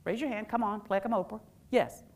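A woman presenting a workshop to a live audience, playful and animated, asking questions and pulling the room in. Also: mid-range voice, fast talker. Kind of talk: lively talk to a live audience.

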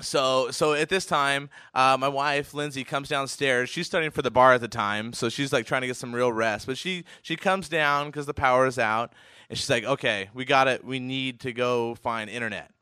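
A man telling a casual personal anecdote in an animated way, chuckling often and restarting his sentences. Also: medium pitch, normal speed, clear, resonant tone, dry recording, studio quality. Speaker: storyteller.

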